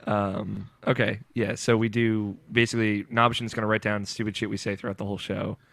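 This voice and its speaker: A man's voice: on the low side, flat delivery, fairly quick, vocal fry, fairly bright tone. A young man hosting a casual group podcast, rambling with fillers and laughing often. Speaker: podcast host.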